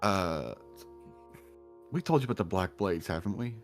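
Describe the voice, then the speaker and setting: Low-voiced tabletop player, matter-of-fact. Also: male voice, expressive, moderate pace, soft background music. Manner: matter-of-fact, chuckles between lines. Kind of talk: casual tabletop play.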